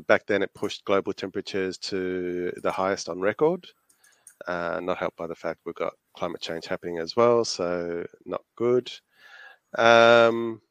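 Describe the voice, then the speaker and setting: A man's voice: sits low, a bit bright, clean tone, no room sound. An Australian man co-hosting a podcast, explaining facts from his notes in casual chat and laughing easily. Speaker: podcast co-host.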